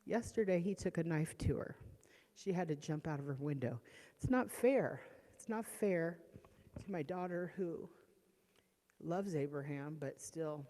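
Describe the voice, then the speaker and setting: Mellow-voiced woman testifying in a reverberant church. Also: low-pitched. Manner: voice swinging from hushed to loud and strained; halting, with restarts. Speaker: church member giving a testimony. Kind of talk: emotional personal testimony. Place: church sanctuary. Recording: long church hall reverb.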